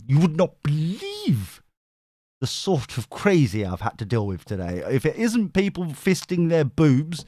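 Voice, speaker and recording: A man's voice: fairly high pitch, darkish tone, no echo, clean studio sound. A man casually chatting with his viewers on a live stream, cheeky and swearing, often laughing. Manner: cheeky, swears, laughs a lot, reads chat aloud. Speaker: tarot reader streamer.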